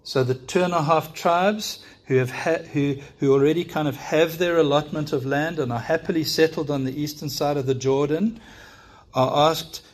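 A man preaching a sermon in church, speaking earnestly and directly to his congregation, with frequent rhetorical questions. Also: fairly high pitch.

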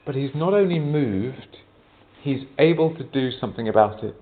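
A man's voice: medium pitch, expressive, moderate pace. A man preaching a sermon, earnest, often turning to the congregation with rhetorical questions. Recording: tinny phone-like sound.

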